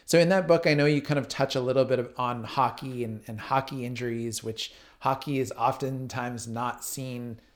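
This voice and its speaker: Male host, interviewer, measured, thoughtful questions. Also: medium pitch, steady tone.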